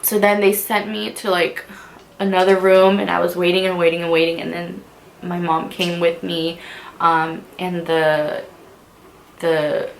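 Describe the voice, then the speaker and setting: A woman in her twenties recounting her own story to camera, slipping into fillers as she holds back tears. Her voice has a gravelly, creaky texture. A faint noise sits under the recording. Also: fairly low pitch, flat delivery, measured pace. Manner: tearful, talks through emotion with many fillers. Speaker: vlogger. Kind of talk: emotional personal storytelling.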